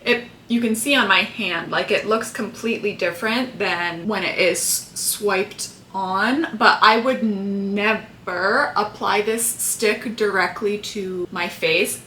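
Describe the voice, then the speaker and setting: Woman makeup vlogger, casual and rambling, crisp bright tone. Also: medium pitch. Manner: chatty, rambling asides. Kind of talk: casual tutorial chat. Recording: roomy echo, faint hiss.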